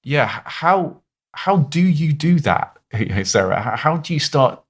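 A man hosting a podcast interview, talking in a rambling, expressive way with many restarts. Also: a little high, a little slow, slightly rough. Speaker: podcast host. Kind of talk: casual podcast conversation.

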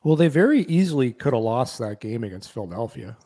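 A man co-hosting a hockey podcast, ribbing the others and telling animated stories in casual chat. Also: medium pitch, brisk. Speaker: podcast co-host.

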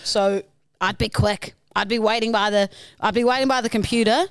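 A woman's voice: medium pitch, fairly even intonation, normal speed, clean tone, no room sound, clean studio sound. A woman from New Zealand co-hosting a podcast in playful, upbeat casual chat. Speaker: podcast co-host.

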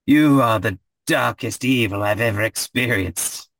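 A man's voice: mid-range voice, measured pace, creaky, a bit bright, no echo. A man voicing a melodramatic, shaken male ghost knight in a tabletop game.

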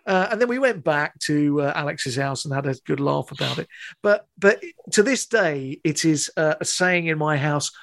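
A man in his fifties, telling a lively anecdote with laughter and British slang. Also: on the high side, moderate pace, creaky, dry recording. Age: 50s.

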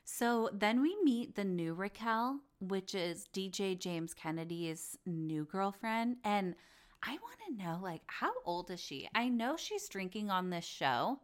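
A woman's voice: medium pitch, lively intonation, slow, hardly any pauses. Young female host, casual and effusive, talks like chatting with a friend. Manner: gushing, chatty, acts out quoted voices. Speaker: podcast host. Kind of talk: casual chat about reality TV.

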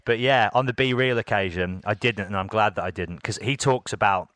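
A man's voice: on the low side, normal speed, dry recording. A man from England, a podcast host and music interviewer, telling stories in casual chat with frequent laughs and acted-out quotes. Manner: animated, laughs often, acts out quotes.

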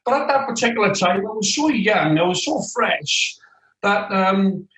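A man as an interview guest, telling football anecdotes in an animated way and acting out other voices, recorded remotely. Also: high voice, measured pace. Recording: roomy echo, distant from the mic.

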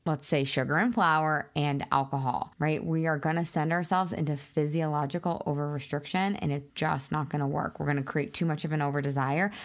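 A woman hosting her own podcast as a weight loss coach, chatting in a bubbly, excitable way full of fillers. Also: deep voice, a little fast, few pauses. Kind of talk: casual solo podcast talk.

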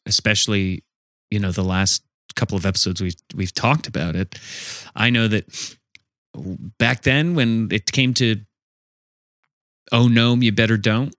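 A man's voice: fairly low pitch, a bit bright, no room sound, clean studio sound. A man co-hosting a comedy podcast, telling absurd made-up stories with a straight face in casual improvised chat. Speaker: podcast co-host.

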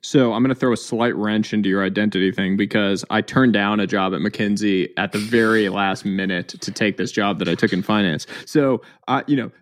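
A man's voice: fairly low pitch, no room sound, clean studio sound. A man in his thirties, a podcast guest, speaking candidly and reflectively with a lot of "like" and "um" fillers. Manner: candid, heavy use of "like" and "um". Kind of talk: reflective interview storytelling.

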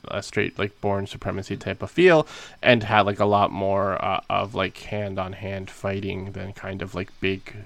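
A man casually reviewing a movie as a podcast co-host, talking haltingly with lots of fillers and restarts. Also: on the low side, gravelly, fairly bright tone, no room sound.

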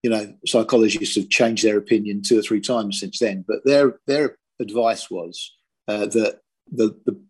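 A man's voice: fairly low pitch, a little mellow, husky. An older man from Britain, a former police firearms officer, telling his story in a plain-spoken, matter-of-fact interview.

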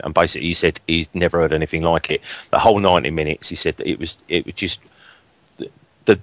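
A man's voice: low voice, fairly bright tone, no room sound. A man hosting a football fan talk show, blunt and sweary, getting worked up about his club. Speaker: radio show host. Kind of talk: casual fan chat.

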